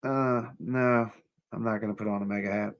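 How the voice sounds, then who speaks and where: A man's voice: lowish voice, steady tone, normal speed, dull audio. Profane sarcastic male livestreamer. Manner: profane, sarcastic, talks to chat. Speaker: livestream host. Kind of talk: casual livestream commentary.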